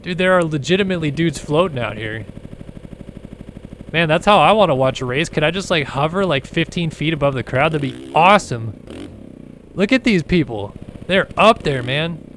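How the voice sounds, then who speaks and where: A man's voice: fairly high pitch, expressive, moderate pace, fairly bright tone, a little hiss or hum. A man casually commentating a racing game stream in a rambling, laid-back, chatty way.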